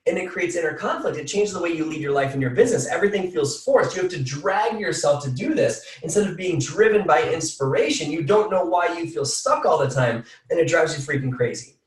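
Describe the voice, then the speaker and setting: Energetic male motivational coach, higher voice, echoey and slightly distant. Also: fairly quick, hardly any pauses. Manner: energetic, repeats phrases for emphasis. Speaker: team call speaker.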